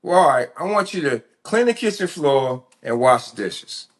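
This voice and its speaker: A man's voice: fairly high pitch, very animated, moderate pace, pitched above the performer's own voice. A man voicing his strict, impatient mother, curt and scolding. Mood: bossy.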